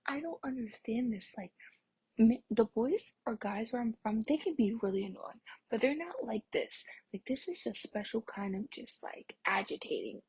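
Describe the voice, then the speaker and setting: A woman's voice: fairly high pitch, very animated, moderate pace, a little mellow, dry recording. A young adult woman telling a rambling storytime on her vlog, full of "like" fillers, sometimes dropping to a whisper. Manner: rambling, filler-heavy, lots of "like"; drops into a breathy whisper at times. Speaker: vlogger. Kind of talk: casual storytime.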